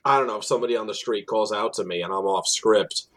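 Man, New Jersey accent, very low voice, rambling storyteller, tour guide. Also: quick pace, a bit bright. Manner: storytelling, frequent fillers and restarts. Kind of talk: casual interview talk.

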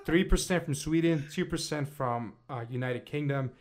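A man's voice: fairly high pitch, normal speed. Brash, profane young male podcast host. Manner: brash, profane, hypes the audience. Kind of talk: casual chat.

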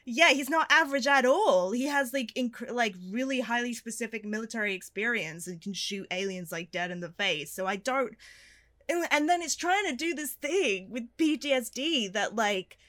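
A woman in casual podcast chat, animated and ranting, often laughing. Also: fairly high pitch, normal speed. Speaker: podcast co-host reviewing a film.

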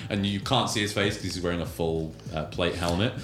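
A man's voice: deep voice, a little fast, a bit bright, faint music behind. A man narrating a tabletop game as game master, laid-back and rambling. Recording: roomy echo.

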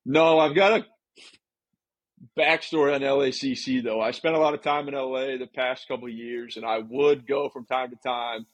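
A man's voice: mid-range voice, slightly rough, no room sound, low-quality recording. A man co-hosting a podcast, telling stories in a laid-back, chatty way. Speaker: podcast co-host. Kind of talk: casual chat.

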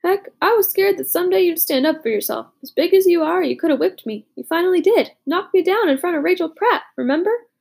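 A woman voicing a rough, blunt teenage boy soldier, once a bully, in an audiobook. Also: very high voice, lively intonation, fairly quick, darkish tone, voice pushed up, heavily acted. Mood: warm.

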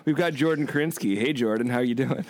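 A man's voice: medium pitch, fairly quick. Joking male podcast host. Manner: joking, self-deprecating. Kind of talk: casual chat.

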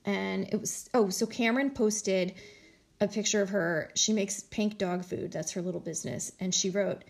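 A woman casually recapping a reality show, chatty and animated, acting out what people said in exaggerated voices. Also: mid-range voice, normal speed, creaky. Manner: animated storytelling, acts out quotes in exaggerated voices; chatty, heavy use of "like" and "you know". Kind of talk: casual chat.

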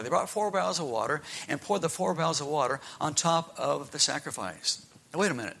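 A man preaching a Bible story to a family audience, animated and storytelling, asking the listeners questions. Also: a little high, brisk, vocal fry. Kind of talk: children's Bible story sermon.

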